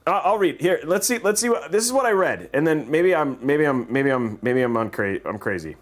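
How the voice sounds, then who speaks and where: A man's voice: on the high side, expressive, brisk, soft background music. A man hosting a livestream, chatting casually in a rambling, joking way and laughing often. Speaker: livestream host.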